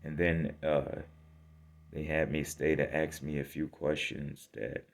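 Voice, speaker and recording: A man telling a personal story in a vlog, blunt and profane, swinging from loud emphasis to shaken, subdued talk. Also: very deep voice, little pitch movement, a little slow, creaky.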